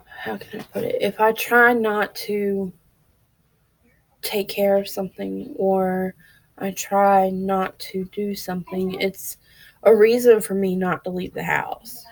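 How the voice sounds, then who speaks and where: A woman's voice: mid-range voice, steady tone, slow, no room sound, low-quality recording. A woman vlogging candidly and earnestly, speaking straight to her viewers. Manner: earnest, open, talks to viewers directly. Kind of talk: candid personal vlog.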